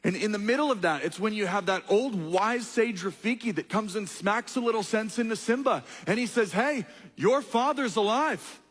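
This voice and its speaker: A young man preaching a sermon, telling a story in an animated, playful way. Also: sits high, brisk, hardly any pauses, long reverb tail.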